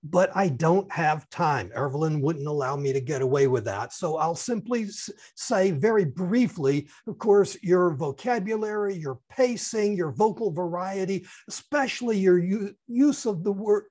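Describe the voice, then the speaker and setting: A man's voice: fairly high pitch, darkish tone, slightly rough. A man giving a formal, courteous speech evaluation over a video call and lingering on key phrases.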